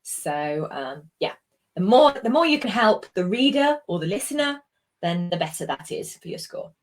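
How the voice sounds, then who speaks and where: A British woman tutors exam writing in a live online session, patiently explaining with examples and saying "um" frequently. Her voice is medium-pitched with big pitch swings, at normal speed.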